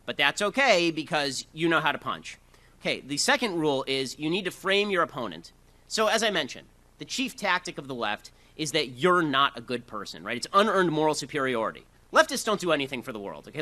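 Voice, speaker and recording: A man giving a combative political speech, rapid-fire and sarcastic, in his thirties. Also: on the high side, bright, forceful tone. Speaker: public speaker.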